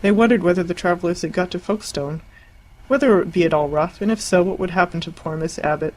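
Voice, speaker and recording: An audiobook narrator reading a classic novel in a measured, even storytelling voice. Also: medium pitch, poor audio. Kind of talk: scripted narration.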